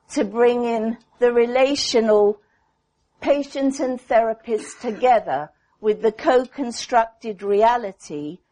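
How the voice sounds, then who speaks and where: Female psychotherapist presenting a written paper; slightly higher voice, unhurried, deliberate delivery. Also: warm tone. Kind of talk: reading a prepared clinical paper aloud.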